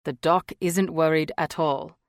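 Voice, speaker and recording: A woman reading an audiobook, voicing a gentle, playful young husband in a lowered voice. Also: a little slow, no room sound, clean studio sound. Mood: teasing. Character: tender joking young husband, man. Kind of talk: audiobook character voice.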